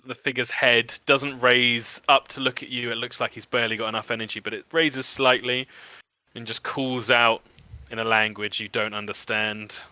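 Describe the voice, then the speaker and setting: A man's voice: medium pitch, steady tone, normal speed, bright, forceful tone, no room sound. A man narrating a tabletop game as game master, describing scenes with frequent ums.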